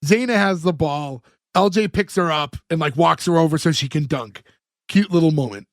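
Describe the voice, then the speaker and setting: A man with a somewhat high voice and a moderate pace chats on a podcast, recapping a sitcom episode. He's a talkative, loose storyteller who fills his talk with filler words and performs the quotes. The studio sound is clean, with no room sound.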